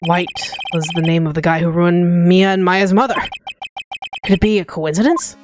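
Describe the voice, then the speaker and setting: A woman's voice: on the low side, steady tone, normal speed, music in the background, pitched below the performer's own voice, lightly acted. A woman voicing a determined young male defense lawyer, reading his wry, suspicious inner thoughts in a game.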